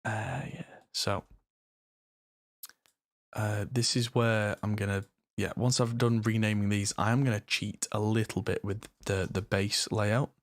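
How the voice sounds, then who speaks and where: A man's voice: on the low side, level tone, unhurried, no room sound. A man from the north of England with an English accent, chatting casually and rambling on a live stream while he mixes. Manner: rambling, chatty, self-deprecating. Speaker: mixing engineer and streamer.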